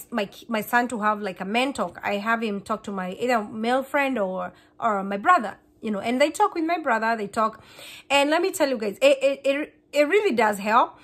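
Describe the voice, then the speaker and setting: A woman, a Kikuyu speaker, chatting fast to camera in a casual vlog, often repeating and restarting words. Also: on the high side, fairly bright tone. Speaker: vlogger.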